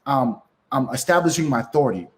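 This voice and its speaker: A man's voice: medium pitch, lively intonation, fast, fairly bright tone. A man giving motivational sales advice as a guest, emphatic, often checking in with "right?" and acting out phone calls.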